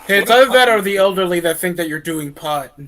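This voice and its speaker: A man's voice: high voice, lively intonation, quick pace, fairly bright tone. A man in casual chat, asking easygoing questions.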